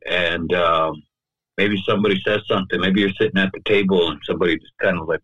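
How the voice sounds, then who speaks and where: Man, low voice, bright forceful tone, podcast guest, conversational storytelling, loose filler-heavy talk, dry close mic. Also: fairly even intonation, a little fast, husky, no room sound, highs cut off. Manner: loose and talky, fills with "you know" and "right?". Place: podcast studio.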